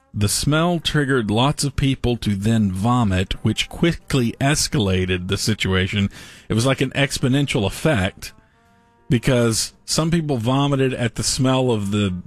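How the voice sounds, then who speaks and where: A man co-hosting a casual chat show tells a story in an animated, laughing way. His voice sits at an everyday mid pitch. The sound is close and dry, with faint music somewhere behind. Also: dry recording. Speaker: podcast co-host. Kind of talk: casual chat, reading a news story aloud.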